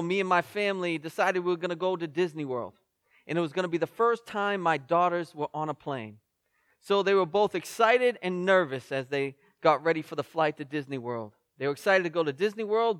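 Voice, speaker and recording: A man's voice: sits high, a bit bright, no echo. A male pastor in his forties, reading scripture and telling a story in a sermon with mounting intensity. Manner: storytelling preacher, rising in intensity.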